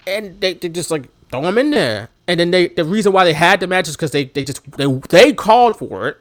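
A man talks casually and animatedly about old matches, his voice swooping high and low with a lively, expressive range. He sits fairly high for a male voice, and the recording is dry and close with no room sound. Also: a little fast, no echo. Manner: animated, laughs often, mimics commentators' shouts. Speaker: podcast co-host. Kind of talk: casual wrestling chat.

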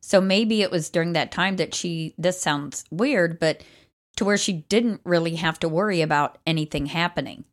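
A woman co-hosting a podcast, reacting with animated, indignant bursts in casual chat. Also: on the low side, normal speed. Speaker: podcast co-host.

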